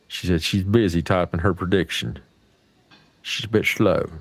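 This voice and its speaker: Folksy, low-voiced American man hosting a stream. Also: slow pace, husky, no room sound. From United States. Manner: folksy, profane and rambling. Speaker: livestream host. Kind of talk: casual livestream chat.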